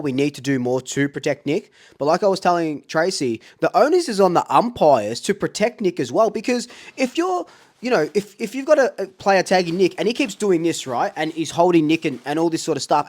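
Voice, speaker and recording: An Australian man runs a casual fan talkback show in a voice that sits slightly high. He gets fired up and rants, hammering the same points again and again. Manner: fired-up, ranting, repeats himself. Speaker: fan talkback radio host.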